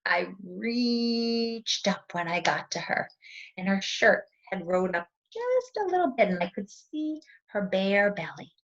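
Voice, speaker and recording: A woman teacher on a video call, telling a story in an animated storyteller voice for a writing lesson. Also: mid-range voice, normal speed. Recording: dull lo-fi sound.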